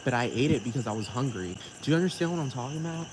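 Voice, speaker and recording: Male solo podcaster, casual profane rambler, mid pitch, echoey outdoor take with clear crickets behind. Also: expressive, racing, background noise. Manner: rambling, profane, keeps asking "you know what I'm talking about". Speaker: podcast host.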